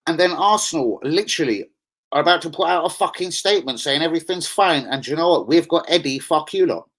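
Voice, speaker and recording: A man's voice: a little high, lively intonation, quick pace, fairly bright tone. A man ranting angrily on a live stream as a football fan streamer, swearing heavily and getting worked up. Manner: angry, profane, heated.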